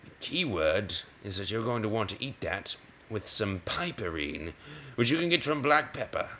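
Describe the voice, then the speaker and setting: A man's voice: on the low side, sing-song, normal speed, pushed and bright, a little hiss or hum. A man giving casual, rambling commentary over a video game, often stopping mid-sentence and restarting with a playful tone. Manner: rambling, self-interrupting, playful. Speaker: gaming video host.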